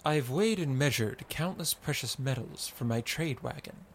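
Man doing a low-voiced, calm woman trader. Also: moderate pace, slight background noise, natural voice. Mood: measured. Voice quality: low, even voice. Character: calm female merchant in chainmail.

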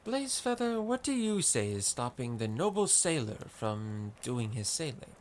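A man's voice: big pitch swings, moderate pace, darkish tone, a little hiss or hum, natural voice. A man voicing a slouching male tavern regular who cries out in a raised voice. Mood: probing. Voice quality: high-pitched, crying out.

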